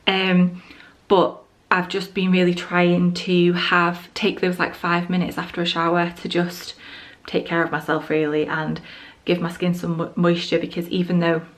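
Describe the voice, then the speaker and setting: A young woman vlogger with a lowish, monotone voice chats about skincare at a moderate pace. She sounds a little breathless and rambles, packing her talk with fillers and restarts.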